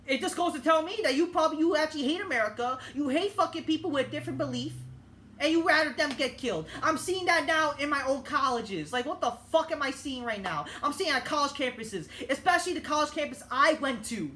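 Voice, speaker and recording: A young woman delivering an angry political rant as a vlogger, swearing often and breaking off into halting restarts. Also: high-pitched, lively intonation, pushed and bright, a little hiss or hum. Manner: heated, profane, halting with many restarts.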